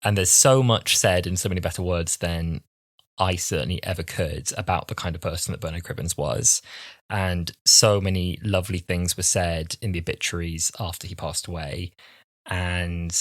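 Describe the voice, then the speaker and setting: A man's voice: low-pitched, steady tone, no room sound, studio quality. A man in his twenties co-hosting a podcast, chatting casually and thoughtfully through a TV episode review. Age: 20s. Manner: chatty, reflective, quick asides. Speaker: podcast co-host.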